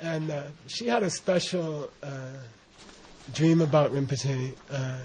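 An American man giving an informal Buddhist teaching, rambling and animated, often laughing and saying "you know". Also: fairly high pitch, slow, slight background noise. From United States. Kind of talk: informal dharma talk.

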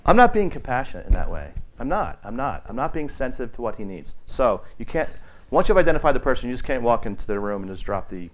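A man at a middling pitch leads an informal meditation teaching. He rambles and restarts often. He livens things up by acting out the people he quotes. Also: big pitch swings, quick pace, a little hiss or hum. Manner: rambling and conversational, with many restarts and fillers. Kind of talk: casual teaching talk to a group.

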